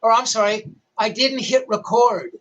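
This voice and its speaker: A man's voice: sits high, normal speed, fairly bright tone, dull audio, a little hiss or hum. An older male rock journalist telling a story animatedly, with self-deprecating humor. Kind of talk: storytelling interview.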